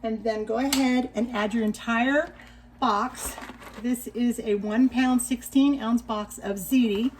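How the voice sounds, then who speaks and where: A woman in her sixties hosting a casual cooking demonstration in her home kitchen, chatting directly to viewers and giving gentle cautions. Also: on the high side, fairly even intonation, a little slow, background noise. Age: 60s. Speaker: cooking show host.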